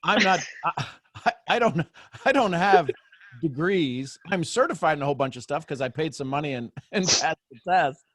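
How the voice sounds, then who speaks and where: A man hosting a casual group coaching chat, playful and animated and laughing often. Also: on the high side, moderate pace, noisy background. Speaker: host.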